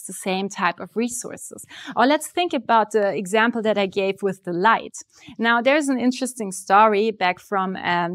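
A woman lecturer giving a conference presentation, explaining ideas clearly and walking through examples step by step. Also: mid-range voice, dry recording. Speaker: business school lecturer. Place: summit venue.

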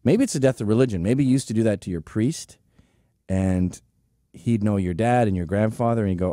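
A man's voice: on the low side, fairly quick, dark tone, dry recording, studio quality. A man in his forties hosting a show, delivering a profane, sarcastic comedic rant. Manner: profane, sarcastic, acts out quoted voices. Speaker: show host.

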